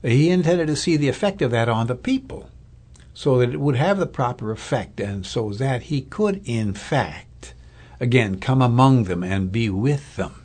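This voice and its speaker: A man's voice: medium pitch, lively intonation, moderate pace, a little mellow. A man preaching a sermon as a pastor, in a conversational, thoughtful way with fillers and restarts. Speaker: Lutheran pastor or Bible teacher.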